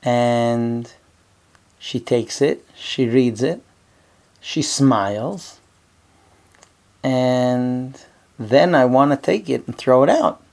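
A man's voice: mid-range voice, very slow, vocal fry, long pauses, a little mellow. A man, a rabbi teaching a class in an office, telling a story in a conversational way with many fillers. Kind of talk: storytelling lecture.

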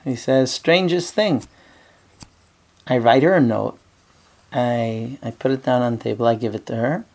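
A man's voice: mid-range voice, fairly even intonation, moderate pace, gravelly, darkish tone. A man, a rabbi teaching a class in an office, telling a story in a conversational way with many fillers. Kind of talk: storytelling lecture.

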